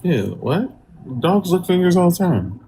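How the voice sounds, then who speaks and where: A man's voice: high-pitched, big pitch swings, a little slow, warm tone. A man co-hosting a live stream, bantering in a laid-back, teasing way. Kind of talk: casual comedic chat on a live stream.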